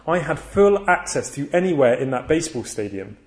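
A man's voice: medium pitch, expressive, moderate pace. A man preaching a sermon, earnest and emphatic, telling a story and building to repeated phrases.

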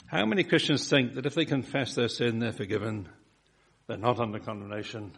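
Husky-voiced preacher, emphatic sermon. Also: male voice, medium pitch, fairly quick. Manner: emphatic preaching, swelling and dropping to soft repeated phrases.

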